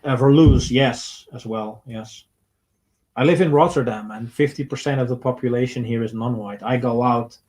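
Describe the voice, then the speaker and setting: A man's voice: medium pitch, normal speed, darkish tone, poor audio. Blunt man answering questions. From Netherlands. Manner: blunt and opinionated, reads out questions then answers. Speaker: streamer answering viewer questions. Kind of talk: casual livestream Q&A.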